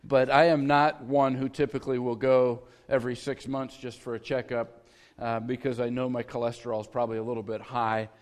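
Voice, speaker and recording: A middle-aged pastor preaches a sermon in a church sanctuary, his mid-range voice level in tone and fairly quick. He tells stories in a conversational, folksy way with touches of humor, and long church reverb fills the recording.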